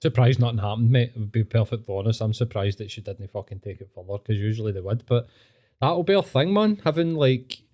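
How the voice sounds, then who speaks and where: A Scottish man with a Glaswegian accent co-hosts a loose podcast chat, blunt and quick to swear. His voice is mid-pitched and dark, with a mellow, relaxed tone. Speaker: podcast co-host. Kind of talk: casual chat.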